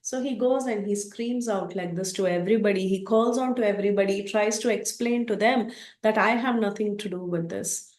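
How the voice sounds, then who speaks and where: A woman's voice: mid-range voice, fairly quick, a little mellow. A woman teaching a scripture class, telling the story expressively and acting out its characters, recorded in a roomy space. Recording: roomy echo.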